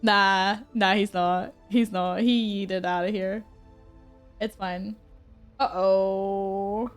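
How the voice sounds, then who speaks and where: A young woman chatting casually on a game stream, joking and rambling with quick self-corrections. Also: medium pitch, steady tone, faint music behind. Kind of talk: casual live-stream chat while gaming.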